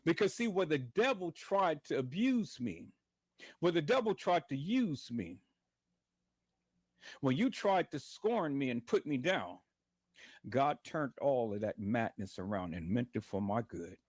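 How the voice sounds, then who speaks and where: A man's voice: medium pitch, sing-song, unhurried, slightly rough, dry recording, studio quality. A man, in pain and lying in bed, giving a fervent, repetitive testimony of faith to livestream viewers and calling them "peoples". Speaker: livestream host.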